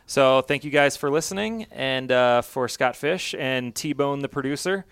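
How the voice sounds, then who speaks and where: Smooth-voiced man hosting a casual podcast. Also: medium pitch, a little slow, dry recording. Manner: relaxed, rambling, many fillers. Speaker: podcast host.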